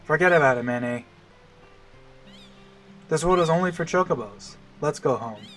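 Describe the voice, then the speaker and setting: A man voicing a large, stately chocobo lord in a game, measured and formal while politely refusing. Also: a little high, animated, fairly bright tone, soft background music.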